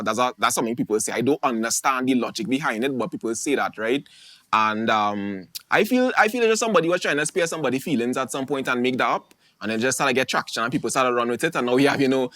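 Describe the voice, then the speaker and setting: Male stand-up comic, Trinidadian accent, quick and dry-sounding. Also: mid-range voice, dry recording. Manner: animated, chatty storytelling with dialect phrasing. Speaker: stand-up comedian. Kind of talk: stand-up comedy.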